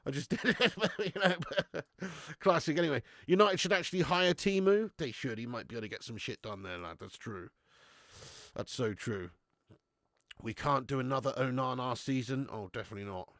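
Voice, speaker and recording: A man's voice: mid-range voice, sing-song, moderate pace, a bit bright, dry recording, studio quality. A young man, chatty and laughing as he hosts a live stream and reads out comments, a bit under the weather with a cold. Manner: chatty, laughing, slangy banter. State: has a cold. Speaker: livestream host. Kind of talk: casual live-stream chat reading comments. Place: home garage.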